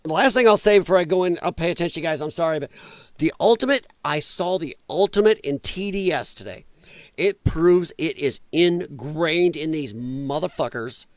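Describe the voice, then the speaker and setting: A man's voice: on the high side, moderate pace, dry recording. A man hosting a podcast, delivering a heated, profane political rant in an emphatic, exasperated way. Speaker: podcast host.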